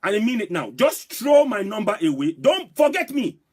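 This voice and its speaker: A man's voice: sits high, very animated, normal speed, darkish tone, breathy edge. A man with a Nigerian accent giving impassioned, repetitive live political commentary, daring his viewers to answer him. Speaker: political vlogger.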